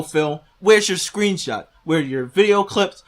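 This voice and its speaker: A man's voice: sits high, expressive, unhurried, few pauses. A man hosting a reaction video, ranting with heavy profanity and arguing back at the clip he is watching.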